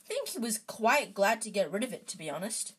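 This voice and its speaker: A woman reading the lines of a big, gruff, kindly male groundskeeper, hesitant and rambling, with a husky voice. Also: medium pitch, very animated, a little fast. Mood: proud.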